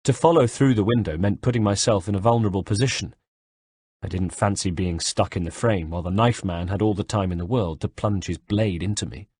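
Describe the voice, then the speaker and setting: Male audiobook narrator, low breathy voice, dry close sound. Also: brisk, a little mellow, dry recording. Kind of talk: first-person audiobook narration.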